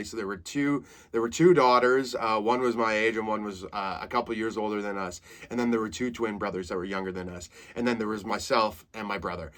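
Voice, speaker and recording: Animated man telling stories. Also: medium pitch. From Saskatchewan, Canada. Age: 30s. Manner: animated, swears freely, laughs through his own stories. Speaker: comedian podcast host. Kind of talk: casual comedic storytelling.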